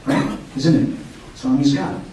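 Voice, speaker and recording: Mellow-voiced man in an echoey hall. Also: medium pitch, normal speed, recorded from a distance, a little hiss or hum. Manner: checks in with listeners. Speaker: speaker at a spiritual center. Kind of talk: storytelling spiritual talk. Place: meeting hall of a spiritual center.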